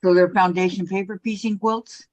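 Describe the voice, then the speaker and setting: A woman's voice: medium pitch, steady tone, moderate pace, a little mellow, no room sound. A woman hosting a craft livestream, reading out viewer comments and answering in short, reactive replies. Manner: brief, reactive replies, firm with trolls. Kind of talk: casual chat. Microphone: video call. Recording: dry, dull video-call audio.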